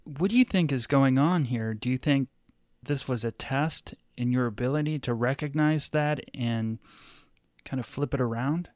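A man's voice: medium pitch, normal speed, darkish tone, no room sound. Male host, dry close voice. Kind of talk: interview questions and reading from a book.

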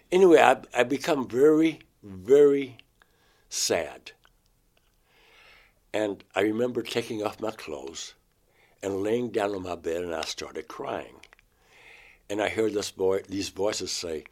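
A man recounting a personal experience in an interview, in a halting, emotional way. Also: on the low side, a little mellow.

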